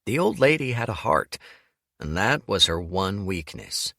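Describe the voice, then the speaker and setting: A man narrating an audiobook in an expressive, storytelling manner. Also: sits low, unhurried, creaky, no echo, studio quality.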